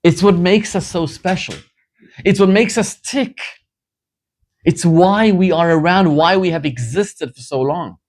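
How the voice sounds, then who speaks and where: A man from Zimbabwe gives a sermon as a rabbi. His voice sits a little high, and he tells stories in an animated way, climbing into fervent emphasis. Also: unhurried.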